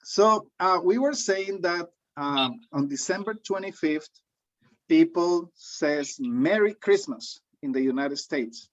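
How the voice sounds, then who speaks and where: A man's voice: a little high, lively intonation, slow pace. A man from Colombia with a Colombian accent, teaching a live online English class in a friendly, joking way and repeating key phrases. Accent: Colombian Spanish. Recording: dull lo-fi sound.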